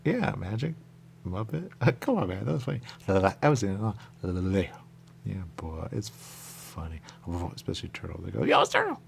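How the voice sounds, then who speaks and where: A man's voice: deep voice, lively intonation, a little slow, vocal fry, a little mellow, a little hiss or hum. A man hosting a radio show in loose, rambling on-air chat, drifting between thoughts and repeating stock phrases.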